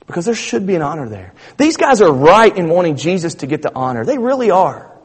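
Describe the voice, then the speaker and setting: A man's voice: on the high side, big pitch swings, a little fast, slightly rough. A man preaching a sermon in an emphatic, repetitive, conversational style. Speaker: pastor. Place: church sanctuary. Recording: reverberant church hall.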